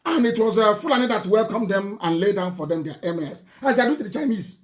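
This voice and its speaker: Nigerian man delivering a fiery political broadcast; mocking tone, hammering repetition, sudden shouts. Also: high voice, expressive, fast talker. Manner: fiery, mocking, scornful laughter, repeats phrases, bursts into shouting. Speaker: political activist leader.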